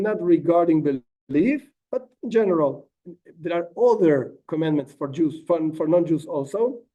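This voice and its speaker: Rabbi teaching a text, lively asides; high, mellow voice, mic set back. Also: male voice, far from the mic. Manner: animated, acts out quotes, frequent asides like "whatever". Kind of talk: informal text lesson.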